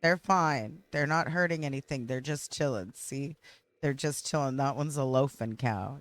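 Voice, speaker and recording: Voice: medium pitch, moderate pace, no echo. A streamer giving casual gameplay commentary, gushing and playful.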